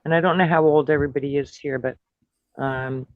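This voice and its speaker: A man's voice: a little high, fairly even intonation, brisk, no room sound. A man in his fifties speaking earnestly in a casual group voice chat, rambling with a defiant streak. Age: 50s. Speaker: chat participant. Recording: dull lo-fi online call audio.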